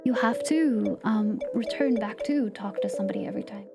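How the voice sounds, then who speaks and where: A woman streaming a game live, chatting playfully with viewers and slipping into soft whispered asides. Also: mid-range voice, fairly quick. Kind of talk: casual live-stream chat. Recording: game music playing behind the voice.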